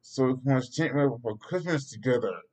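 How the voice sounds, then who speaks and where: A man's voice: mid-range voice, a little fast, a little mellow, natural voice. An exasperated, protective mother who snaps with impatience, as a man reading a story puts her on. Her voice rises a little above an ordinary man's. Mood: impatient.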